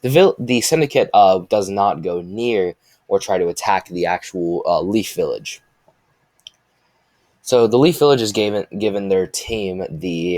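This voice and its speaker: A man with a very low, deep voice improvises a fan story as he goes. He rambles, restarts his sentences, and fills gaps with "uh." The sound is dry and close, with no room echo. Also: a little mellow. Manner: rambling, with many restarts and fillers.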